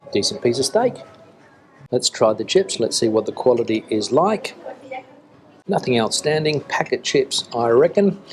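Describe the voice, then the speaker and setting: Middle-aged male, mid-pitched and easygoing, chatty restaurant review with faint room chatter behind. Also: slight background noise. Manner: chatty, relaxed, with frequent fillers. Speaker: food vlogger. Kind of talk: casual restaurant review to camera. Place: restaurant in Spain.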